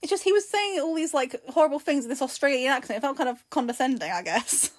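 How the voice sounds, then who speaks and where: A woman's voice: high voice, expressive, fast talker, no room sound, studio quality. A woman co-hosting a casual chat, recounting things with frequent restarts and hesitations.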